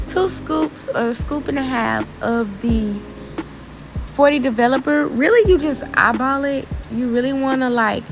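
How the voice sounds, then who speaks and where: A woman's voice: fairly high pitch, gravelly, rough recording. A young woman chatting informally through a hair tutorial voice-over, using casual slang and talking straight to her viewers. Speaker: beauty vlogger.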